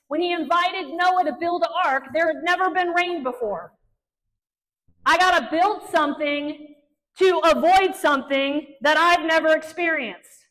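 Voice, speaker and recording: A woman preacher delivering a sermon, telling Bible stories in an animated way and acting out the characters' lines. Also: high voice, low-quality recording. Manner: animated storytelling, acts out Bible characters' dialogue.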